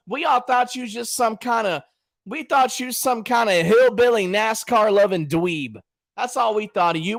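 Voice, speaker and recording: A man's voice: high-pitched, fairly bright tone. Trash-talking man ranting on a livestream. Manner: trash-talking, colloquial, talks straight to chat. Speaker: channel host. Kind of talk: casual livestream rant.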